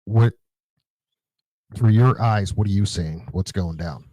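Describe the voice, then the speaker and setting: A man's voice: fairly low pitch, slow pace, warm tone, no room sound. A male podcast host who talks in a laid-back, reflective way and swears casually. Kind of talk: casual interview.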